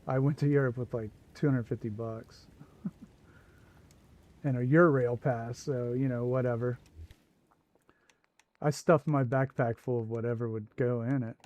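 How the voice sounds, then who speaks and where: A man's voice: medium pitch, fairly even intonation, unhurried, pauses often, a little mellow, dull audio. A man hosting a livestream, telling a long casual anecdote with asides as he plays. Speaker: livestream host. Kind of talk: casual storytelling while gaming.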